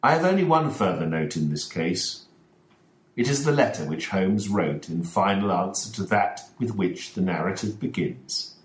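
A man narrating a story aloud in a slow, deliberate reading. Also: sits low, lively intonation. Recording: echoey room.

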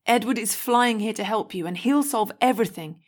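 A steady young woman speaks briskly and reassuringly, voiced by a woman reader. Her tone is calm and a little brighter than the narration. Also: on the high side, lightly acted.

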